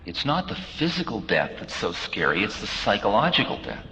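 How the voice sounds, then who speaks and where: A man's voice: fairly low pitch, sing-song, normal speed, gravelly, sharp tone. A man giving a recorded spiritual talk as a teacher, musing and playful, acting out little scenes as he goes. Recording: dull, echoey hall recording with faint hiss.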